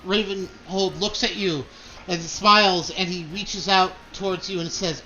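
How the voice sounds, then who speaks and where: A man's voice: high-pitched, fairly even intonation, measured pace, pushed and bright, dull audio. A man narrating a tabletop game as game master, describing scenes with many fillers.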